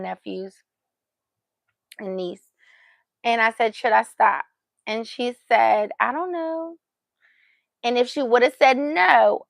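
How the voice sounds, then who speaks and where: A woman's voice: medium pitch, gravelly, no room sound. A woman vlogger telling a story in a casual, chatty way and acting out what she said at the time. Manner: chatty, acts out her own past remarks.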